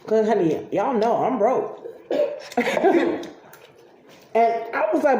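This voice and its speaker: A woman's voice: high-pitched, lively intonation, slow, long pauses, dark tone, echoey room, slight background noise. A woman and mother telling family stories over breakfast in a casual, chatty way, laughing often. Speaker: vlogger and mother. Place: home kitchen table.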